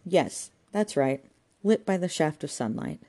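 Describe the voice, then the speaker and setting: A woman doing a soft, sweet countess. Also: low voice, animated, a little slow. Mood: composed. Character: soft-spoken aristocratic countess, sensitive to light.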